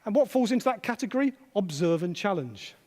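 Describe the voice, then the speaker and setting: A man's voice: sits high, sing-song, fast, darkish tone. A man who is a psychologist giving a conference keynote, challenging the audience with rhetorical questions and repeated phrases. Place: conference hall. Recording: long reverb of a hall.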